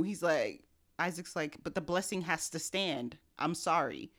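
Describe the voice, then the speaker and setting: A woman on a casual podcast retells a Bible story, slipping into the characters' lines with slangy, animated delivery. Her voice sits a little low for a woman. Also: measured pace. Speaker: podcast co-host.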